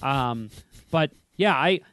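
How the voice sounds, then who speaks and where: A man co-hosting a casual hockey podcast, joking with deadpan tall tales. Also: medium pitch, slow pace, clear, resonant tone, no room sound. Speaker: podcast co-host.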